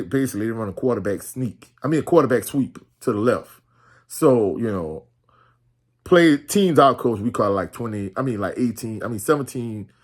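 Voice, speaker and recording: A man's voice: mid-range voice, a little mellow. A man giving a blunt, casual postgame reaction to a football game, with many "you know" fillers. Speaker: sports commentator.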